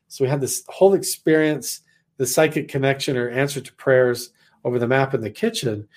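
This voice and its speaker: A man from Idaho tells a story from his time as a missionary. His voice sits at an ordinary middle pitch, and he rambles along with plenty of "like" fillers. The telling is animated and casual. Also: fairly quick. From Idaho, USA.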